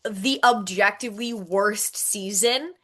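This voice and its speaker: A woman's voice: mid-range voice, slow pace, sharp tone. A young woman co-hosting a podcast, chatting casually and rambling with fillers. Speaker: podcast co-host. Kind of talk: casual chat.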